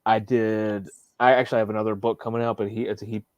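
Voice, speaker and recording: A man guests on a livestream interview over a remote setup. He talks about his comics in a laid-back, rambling way. His voice sits on the low side, and the sound is dry. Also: flat delivery, quick pace, darkish tone, dry recording, muffled recording. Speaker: comic book writer guest.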